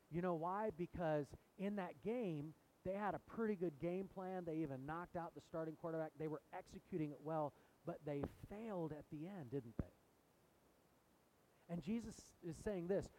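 Preaching in a church sanctuary, this pastor is animated and keeps asking the congregation questions. His voice is a little high, his pace moderate, and the recording quality is low.

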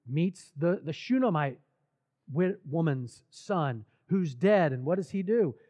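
Male preacher, earnest storytelling sermon delivery, slightly high-pitched, muffled lo-fi recording. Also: a little mellow. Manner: earnest, storytelling, frequent repeated words, dramatic pauses. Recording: dull lo-fi recording.

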